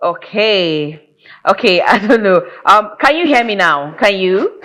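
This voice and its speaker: A woman hosts a music talk show from a TV studio. She is lively and quick to laugh, and her pitch leaps up and down as she makes effusive welcomes. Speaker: TV show host.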